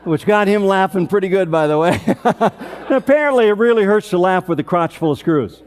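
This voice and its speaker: A man in his sixties emcees an awards event, telling a family story with deadpan comic timing. His voice sits a touch high for a man. A faint mains hum runs under it. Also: a little fast.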